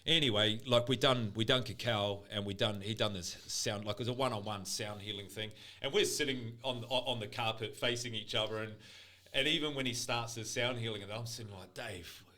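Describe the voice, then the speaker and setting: A man's voice: lowish voice, a little fast, sharp tone. A man on a casual podcast, rambling and swearing as he tells an emotional personal story. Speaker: podcast co-host.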